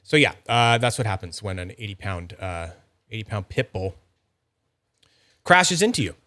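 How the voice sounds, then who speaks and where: A man's voice: on the low side, very animated, moderate pace, pushed and bright, dry recording. A young man rambling casually about fidget toys, full of fillers and restarts. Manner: rambling, filler-heavy, chatty. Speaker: fidget toy reviewer. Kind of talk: casual unboxing chat.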